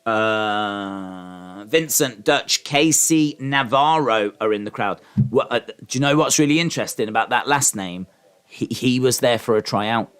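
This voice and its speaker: A man's voice: lowish voice, a little slow, a bit bright, clean tone. A man hosting a live wrestling watch-along, chatting and answering his viewers in rambling asides. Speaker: livestream host.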